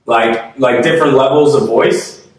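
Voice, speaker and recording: A man's voice: mid-range voice, a little slow. A man hosting a podcast, chatting hesitantly and with self-deprecating humor, recorded in an echoey room from a distance. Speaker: podcast host. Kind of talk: casual interview chat.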